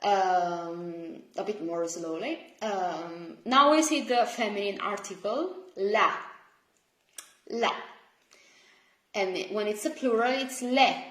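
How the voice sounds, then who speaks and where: Woman, language teacher, unhurried, patient explanations, echoey room. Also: medium pitch, fairly bright tone. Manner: patient, explains slowly with fillers and self-corrections. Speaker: Italian teacher. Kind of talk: online language lesson. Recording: roomy echo.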